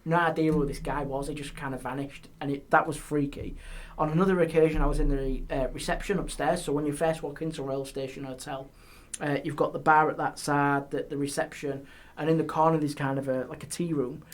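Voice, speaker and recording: Man, podcast guest, animated storyteller, hushed on spooky bits. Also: fairly high pitch, a little fast, few pauses. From England. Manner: animated ghost-story telling, hushed on eerie details. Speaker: guest, paranormal historian. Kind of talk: casual storytelling. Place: podcast studio.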